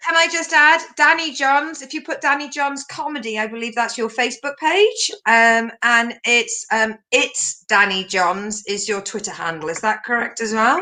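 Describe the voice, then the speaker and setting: A woman's voice: on the high side, normal speed, few pauses, pushed and bright. A woman co-hosting a casual chat show over a video call, enthusiastic and teasing.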